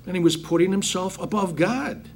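A man's voice: sits high, moderate pace, a little mellow, a little hiss or hum. A man preaching a sermon, reading Bible verses aloud and then putting them into plain everyday words, calling his listeners brethren. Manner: reads verses then paraphrases in plain talk, addresses congregation as brethren.

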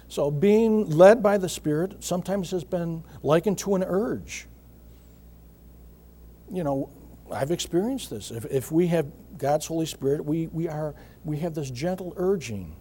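A man preaching a sermon in an earnest way, repeating key words and often clearing his throat. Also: a little high, warm tone.

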